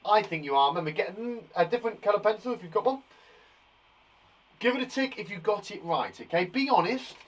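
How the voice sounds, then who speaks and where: A man's voice: high-pitched, animated, a little fast, a little hiss or hum. A middle-aged man teaching times tables to young children in a playful, jokey, encouraging way. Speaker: primary school teacher. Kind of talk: live online lesson for young children. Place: garden shed. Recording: voice a bit far from the mic.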